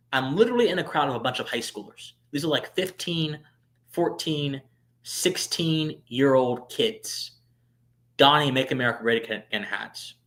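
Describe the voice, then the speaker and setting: Chatty man telling a story. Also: mid-range voice. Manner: animated, swings from hushed asides to loud bursts; chatty, many fillers and restarts. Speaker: streamer and show host. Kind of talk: casual storytelling on a live stream.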